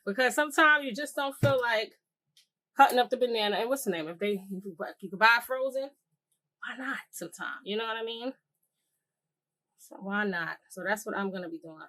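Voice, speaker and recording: A woman's voice: on the high side, fairly quick, pushed and bright, poor audio. Chatty woman hosting a cooking video. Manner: chatty, talks to viewers as "y'all"; rambling with many fillers and restarts. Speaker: cooking channel host. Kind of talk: casual cooking tutorial.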